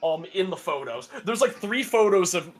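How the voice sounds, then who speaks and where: A man's voice: high-pitched, expressive, moderate pace. A young man chatting casually on a podcast, telling a long story with many fillers and restarts, sarcastic and laughing often. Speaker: podcast co-host. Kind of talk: casual chat.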